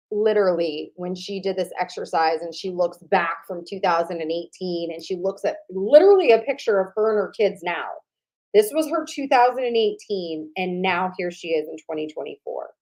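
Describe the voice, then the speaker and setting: A chatty woman runs a live online workshop on a computer mic. Her pitch swings widely as she talks straight to her viewers. She drops to low mutters under her breath whenever her slides act up. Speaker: online marketing coach hosting a live workshop. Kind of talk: live-streamed workshop talk.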